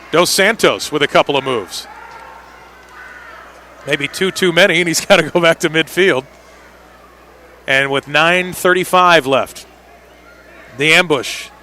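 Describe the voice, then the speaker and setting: A man doing live play-by-play commentary on an indoor soccer match, with quick calls that rise sharply on big plays. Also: on the high side, sharp tone, slight background noise.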